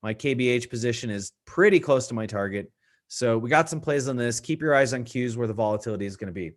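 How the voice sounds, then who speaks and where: A man's voice: medium pitch, animated, quick pace. A middle-aged man hosting a live trading stream, talking casually, answering viewers' questions and repeating key points for emphasis. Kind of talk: live market analysis stream.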